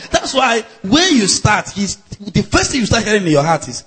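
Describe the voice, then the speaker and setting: A man preaching a sermon to a live congregation, laughing out loud and shouting chanted refrains. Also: sits high, expressive, normal speed, breathy edge.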